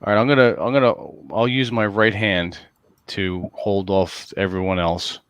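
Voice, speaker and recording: A man's voice: fairly low pitch, level tone, moderate pace, fairly bright tone, smooth, dry recording. A man playing a tabletop game, hesitant and thinking aloud as he plans his character's moves. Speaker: player. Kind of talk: casual tabletop play.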